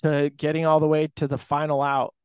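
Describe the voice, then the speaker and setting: A man's voice: on the high side, completely flat delivery, fairly quick, clear, resonant tone, no room sound. A man hosting a baseball podcast in a casual, rambling monologue, full of restarts and fillers, talking from an airport restaurant bar. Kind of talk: casual sports talk monologue.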